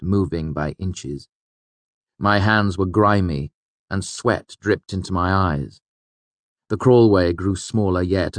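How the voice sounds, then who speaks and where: A man with a very low voice narrates a novel in a measured, tense manner. The reading is close and dry, with no room around it. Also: no room sound. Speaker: audiobook narrator. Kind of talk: scripted narration.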